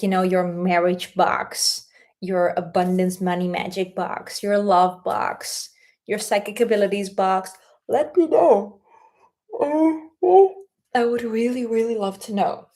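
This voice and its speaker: A woman hosting a casual spell-craft tutorial, explaining things in a gentle, unhurried way. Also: medium pitch. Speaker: spiritual content host.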